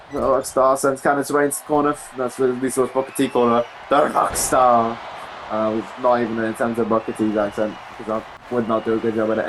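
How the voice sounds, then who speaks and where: A young man commentating a wrestling video game in casual play-by-play, excitable, often saying "jeez" and correcting himself mid-sentence. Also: mid-range voice, slight background noise, low-quality recording.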